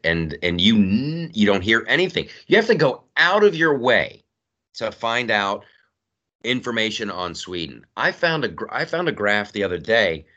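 A man co-hosting a podcast, talking in a lower register with a bright, lively delivery that swings up and down. He leans hard on his points and repeats phrases for emphasis. The sound is a little dull and lo-fi. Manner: animated, emphatic, repeats himself. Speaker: podcast co-host. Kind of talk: casual political chat.

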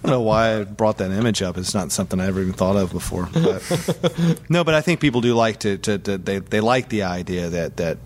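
A man's voice: fairly low pitch, fairly quick, a little hiss or hum. A man chatting casually in a recording studio, telling stories with jokes and casual swearing. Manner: storytelling, jokey, swears casually. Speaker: musician guest. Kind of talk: casual chat.

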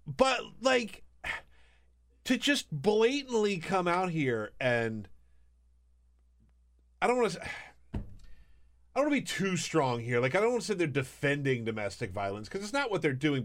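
A man's voice: fairly high pitch, big pitch swings, a little slow, long pauses. A man guest-hosting a political podcast, talking casually and sarcastically and laughing often. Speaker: guest host.

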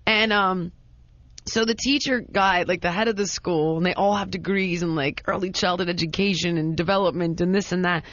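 A woman's voice: fairly low pitch, fairly even intonation, moderate pace, a bit bright. A woman telling a casual story with dramatic, self-mocking exaggeration, rambling through restarts. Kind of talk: casual anecdote. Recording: dry, dull lo-fi sound.

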